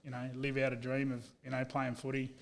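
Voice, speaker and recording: Brief: Aussie bloke, 30s, lively storyteller, mid-pitched, guest in a casual chat. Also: male voice, a little fast, vocal fry. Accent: Australian. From Australia. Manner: animated storyteller, says "mate" a lot. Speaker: guest, business owner.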